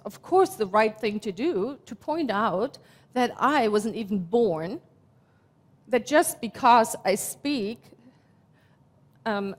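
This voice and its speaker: German-accented woman minister in her fifties, fairly high voice, slow heartfelt sermon delivery, long reverb. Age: 50s.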